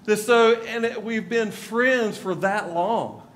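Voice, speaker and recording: A man's voice: high-pitched, slow, slight background noise. A male pastor from North Carolina, giving a conversational sermon with asides to the congregation in a church. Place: church sanctuary.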